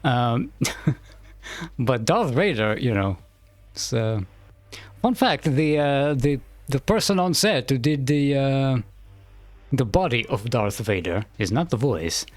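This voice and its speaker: A man's voice: medium pitch, expressive, takes it slowly, pauses often, no echo. A man streaming a video game, thinking aloud in a hesitant, rambling way. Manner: rambling, hesitant, self-correcting. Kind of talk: thinking aloud while playing.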